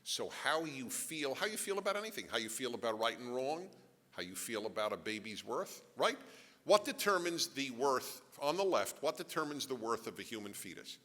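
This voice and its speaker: Animated man lecturing in a reverberant hall. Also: mid-range voice, normal speed. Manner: animated, joking asides, rhetorical questions. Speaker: author giving a talk. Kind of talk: lecture to a live audience. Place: large event hall.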